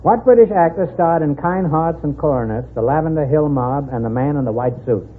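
Wisecracking old-time radio quiz host. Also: male voice, fairly high pitch, a little fast, husky. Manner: wisecracking, teasing. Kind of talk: 1950s radio quiz hosting. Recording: tinny old radio broadcast with hiss.

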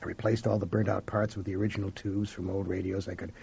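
Gravelly man reading a dramatic story. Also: sits low, flat delivery, fast talker. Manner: dramatic, swinging between hushed whispers and loud outbursts. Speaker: audiobook narrator. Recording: dull lo-fi recording.

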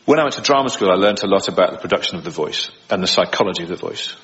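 A man's voice: low voice, expressive, racing, fairly bright tone, dull audio. A man, an impressionist, chatting in a radio studio interview, laughing often as he talks. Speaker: impressionist guest. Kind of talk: conversational interview.

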